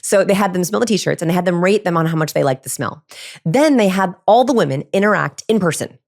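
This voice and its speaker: A body language researcher appears as a podcast guest, speaking fast in a low-ish, creaky, darkish voice with lively intonation. The conversation is animated: she talks with energy, laughs often, and acts out the lines she quotes.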